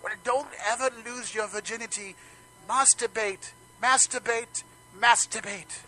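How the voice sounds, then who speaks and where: A very high, piercingly bright voice of an elderly woman therapist, put on by a man. She stammers and repeats herself in mock earnest, like a comedy bit on live radio. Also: normal speed, heavily acted, rough recording.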